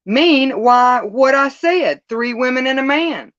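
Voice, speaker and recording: A woman's voice: high voice, animated, takes it slowly, a bit bright, dry recording, dull audio, pitched above the performer's own voice, full character voice. A woman voicing a grave old male shepherd with rustic country speech and solemn warnings, in a storybook reading.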